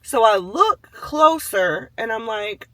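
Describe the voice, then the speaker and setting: A man with a high, bright voice tells a personal story in a relaxed, rambling way. He leans on "like" and "you know" and acts out the voices of everyone in the tale. The sound is dry and close, with no room echo. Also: slow pace. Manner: animated, acts out the voices of people and animals in his story; chatty, with many fillers like "like" and "you know". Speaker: vlogger telling a personal story. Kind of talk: casual storytelling.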